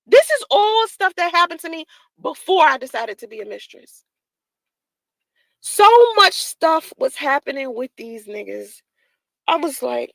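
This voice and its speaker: Woman, high voice, swooping lively pitch, casual profane storytelling, acts out quoted lines. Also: no room sound, rough recording. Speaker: storyteller in a played clip.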